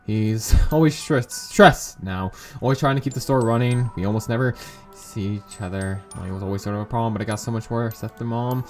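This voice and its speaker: A man voicing an upset teenage girl who speaks haltingly, with restarts and sighs, in a visual novel reading. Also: on the low side, a little mellow, faint music behind, natural voice. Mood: sad. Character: upset teenage girl, sharp-tongued but hurting.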